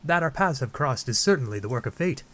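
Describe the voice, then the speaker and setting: A man voicing an earnest, polite young fish-folk prince in a measured, near-natural voice. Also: medium pitch, expressive, sharp tone.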